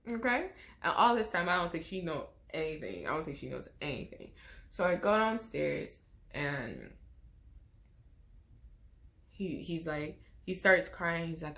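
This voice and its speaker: A young woman vlogger telling a personal story in a lively, expressive way, with casual slang. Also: lowish voice, a little slow, creaky.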